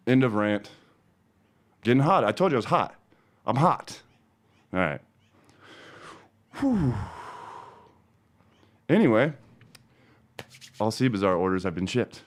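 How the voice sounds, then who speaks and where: A man's voice: mid-range voice, takes it slowly, long pauses. A middle-aged man from Denver hosting a cannabis seed show, talking casually and swearing constantly. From Denver, Colorado. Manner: profane, angry ranting that turns calm and chatty. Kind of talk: casual ranting livestream talk.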